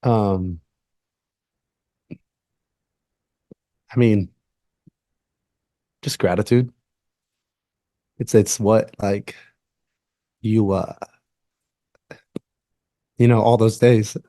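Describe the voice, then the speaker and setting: A man in his thirties, a pitcher answering reporters at a press conference, halting with many fillers and restarts. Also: steady tone, warm tone, no room sound, studio quality. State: tearing up. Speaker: baseball pitcher.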